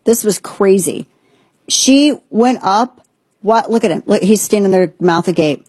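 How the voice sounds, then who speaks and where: A woman's voice: medium pitch, expressive, a little slow, darkish tone, husky, no echo. A woman hosting a political commentary show, talking in an indignant, sarcastic, emphatic way. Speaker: host.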